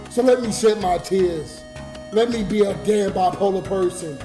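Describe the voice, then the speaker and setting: A drunk man with a high voice pours out his feelings to his viewers in a raw, ranting livestream chat. The room is echoey, with music playing clearly behind him. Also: moderate pace, warm tone. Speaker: livestreamer and comedian. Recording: roomy echo with music behind.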